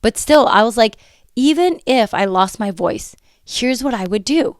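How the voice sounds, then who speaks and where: Energetic woman podcast coach, dry close mic. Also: fairly high pitch, a little slow, dry recording. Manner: energetic, emphatic, talks with repetition and quoted self-talk. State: voice slightly worn from recent illness. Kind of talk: casual motivational podcast talk.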